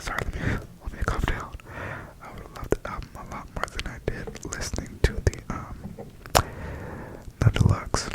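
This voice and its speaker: A man softly speaking and whispering in a chatty ASMR review, full of fillers, close to the mic. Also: extremely low pitch, low-quality recording. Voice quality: whispery, breathy.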